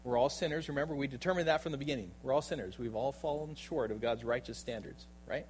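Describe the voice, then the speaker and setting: This pastor talks fast through an emphatic sermon, posing rhetorical questions and repeatedly asking his listeners "right?" Loud bursts alternate with soft, low asides. There's slight background noise, and the recording quality is low.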